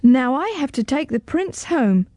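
A woman's voice: high voice, expressive, unhurried, warm tone, no echo, voice pushed up. Woman doing a firm young girl knight. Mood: brisk. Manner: firm, stern.

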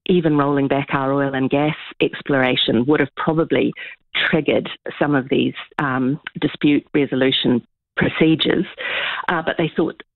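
A woman political scientist from New Zealand, explaining in a measured, earnest way with frequent ums, interviewed on radio. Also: very deep voice, steady tone, dry recording. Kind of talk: radio interview over the phone. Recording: tinny dry phone line.

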